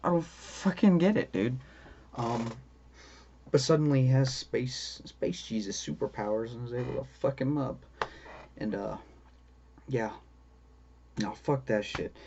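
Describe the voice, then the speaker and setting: A man's voice: mid-range voice, measured pace, long pauses, darkish tone. Profane ranting man, lo-fi sound. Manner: repeats "okay?" for emphasis. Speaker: vlogger. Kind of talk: ranting show review. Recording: dull lo-fi audio with faint ambient noise.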